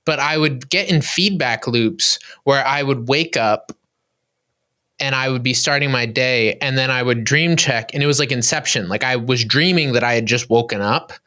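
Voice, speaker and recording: Podcast host guy, bright, kinda sharp voice, rambles through his questions while he figures them out, mid pitch. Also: moderate pace. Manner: curious, thinking out loud with long searching questions. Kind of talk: conversational interview.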